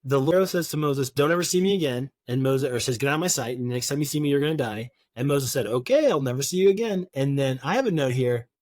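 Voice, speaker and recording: A man's voice: medium pitch, fast, hardly any pauses, a little mellow, no room sound. A man co-hosting a podcast, reading Bible passages aloud and chatting casually about them with offhand jokes. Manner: reads scripture aloud, then riffs with offhand jokes. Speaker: podcast co-host. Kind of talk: casual Bible study chat.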